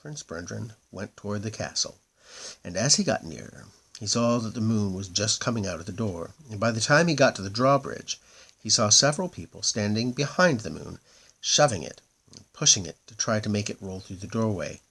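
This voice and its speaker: A man reads a children's story aloud in a low, husky voice. His delivery is gentle and expressive, with pitch that rises and falls in a lively way. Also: moderate pace. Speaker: narrator. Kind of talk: storybook reading.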